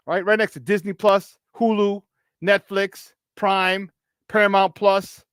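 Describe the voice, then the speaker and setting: Man, chicago accent, sports talk host, high voice, dry close mic, playful riffing. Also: measured pace, smooth, dry recording. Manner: playful, animated, riffing with asides. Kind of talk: live-stream show intro, promos.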